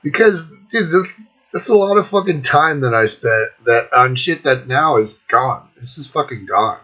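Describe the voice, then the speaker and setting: A man's voice: medium pitch, lively intonation, a little slow, bright, forceful tone. A middle-aged man on his own video channel, ranting casually with constant swearing and irritation. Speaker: music vlogger. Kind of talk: profane casual rant. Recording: dull lo-fi recording.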